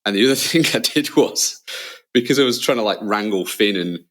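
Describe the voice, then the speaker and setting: A man, a father, co-hosting a podcast, telling stories in lively casual chat and acting out scenes with loud shouts. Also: on the low side, a little fast. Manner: animated storyteller, acts out scenes with loud shouts. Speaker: podcast co-host.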